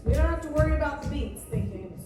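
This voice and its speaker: A woman's voice: high-pitched, animated, quick pace. A woman music teacher leading a class through a lesson, playful and encouraging, and often singing solfege syllables. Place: church room with lots of reverb. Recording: echoey room picked up from a distance.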